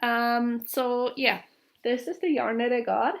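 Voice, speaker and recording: A young woman from Germany with a German accent, chatting casually on her podcast, pausing often with fillers and small laughs. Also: a little high, steady tone, vocal fry. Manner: hesitant, full of fillers, light laughs. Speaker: podcast host. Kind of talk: casual video podcast chat.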